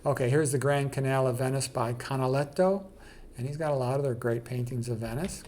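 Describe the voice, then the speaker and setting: A man's voice: mid-range voice, fairly quick, darkish tone, a little hiss or hum. Blunt man talking through a slideshow. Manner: blunt and emphatic, with frequent "okay" and "you know". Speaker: presenter of an art slideshow. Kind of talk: casual commentary on a slideshow.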